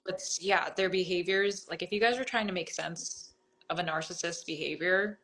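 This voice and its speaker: A woman guest in a candid conversation, telling her own story in an open, animated way. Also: fairly low pitch, normal speed, background noise.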